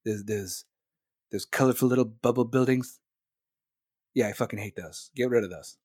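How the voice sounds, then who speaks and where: A man's voice: medium pitch, moderate pace, a little mellow, no echo, studio quality, voice pushed down, close to an everyday voice. A man doing an impression of a brash, boastful older male president, talking in blunt, bossy, repetitive phrases. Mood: bullying.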